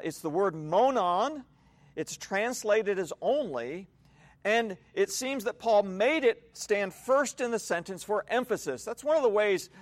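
A man preaching an evening sermon, explaining a passage in a measured, teacherly way. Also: high-pitched, no echo. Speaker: pastor. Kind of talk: expository sermon.

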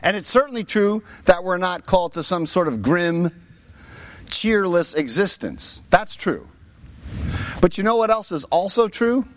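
A man's voice: high voice, expressive, a little slow, a little hiss or hum. A man preaching a sermon, with rhetorical asides to his listeners. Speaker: pastor.

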